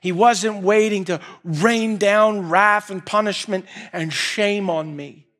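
A man with a rather high voice delivers a sermon. He tells the story dynamically, sometimes hushed and intimate, sometimes loud and urgent. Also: takes it slowly. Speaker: preacher.

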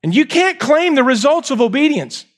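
High-voiced male pastor preaching. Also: very animated, moderate pace. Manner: emphatic, repeats key lines, swings from raised to hushed. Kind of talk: sermon.

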